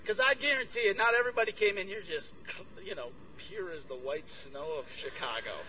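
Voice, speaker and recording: A man giving a lively sermon as a guest speaker to a conference crowd, acting out bits of dialogue. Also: high-pitched, a little fast, recorded from a distance, noisy background. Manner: energetic, acts out dialogue. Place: conference room with audience.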